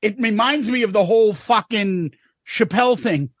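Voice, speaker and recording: A man's voice: sits high, moderate pace, no echo, clean studio sound. A man co-hosting a podcast in casual chat, ranting and swearing, often mocking others in silly voices. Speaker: podcast co-host.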